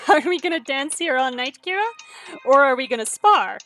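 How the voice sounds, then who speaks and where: A woman's voice: high-pitched, expressive, normal speed, a bit bright, faint music behind. A woman voicing a confident, teasing female sparring trainer in a put-on accent that drifts Russian. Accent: put-on foreign accent that drifts Russian. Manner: teasing, challenging.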